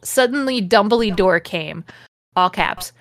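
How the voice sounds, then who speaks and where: A podcast host with a medium-pitched, animated voice reads slowly for laughs, cutting in to make fun of the text with sarcasm and plenty of swearing.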